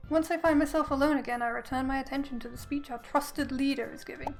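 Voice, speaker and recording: A woman streamer reads out a visual novel and keeps breaking off for giggly, playful remarks. Her voice sits high. Faint game music plays behind her. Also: steady tone, quick pace, vocal fry, hardly any pauses, poor audio. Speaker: let's play streamer. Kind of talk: reading a visual novel aloud with commentary.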